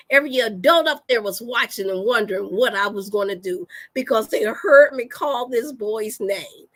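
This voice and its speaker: High, bright woman telling a story. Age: 40s. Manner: animated, folksy, addresses listeners as y'all, laughs often. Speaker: wellness host. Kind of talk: storytelling to a live audience.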